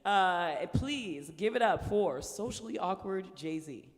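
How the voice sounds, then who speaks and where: A man's voice: high voice, expressive, takes it slowly, big-room sound, a little hiss or hum. A man hosting a live telethon stream, playful and openly sarcastic as he pushes viewers to buy art. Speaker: telethon host.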